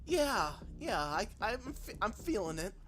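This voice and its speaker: A man's voice: high-pitched, a little slow, a little hiss or hum. A man livestreaming and reacting to game trailers, swearing freely and laughing often. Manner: profane, excitable, laughs a lot. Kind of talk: live reaction commentary.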